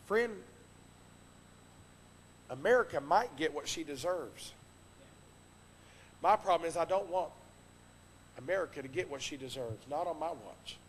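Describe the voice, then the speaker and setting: High-voiced impassioned male preacher. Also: animated, a little slow, pauses often, a little hiss or hum. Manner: impassioned preaching, swinging from loud to hushed. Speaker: pastor. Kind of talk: sermon. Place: church sanctuary. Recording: long reverb of a church hall.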